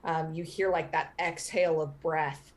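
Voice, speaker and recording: A woman's voice: sits low, fairly even intonation. A woman narrating as game master in a casual, filler-heavy way. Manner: casual, many fillers, quick to laugh.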